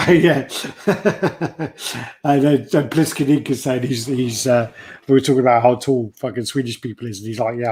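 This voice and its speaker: Male stream host, husky voice, casual sweary storyteller, reads out chat. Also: medium pitch, darkish tone. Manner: swears a lot, tells stories, reads out chat names. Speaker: host of a collectibles livestream.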